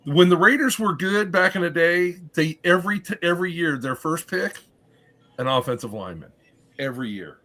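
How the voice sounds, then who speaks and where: A man who coaches high school football, talking on a podcast panel in a wry, self-deprecating way. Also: lively intonation, moderate pace, sharp tone. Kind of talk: casual podcast chat.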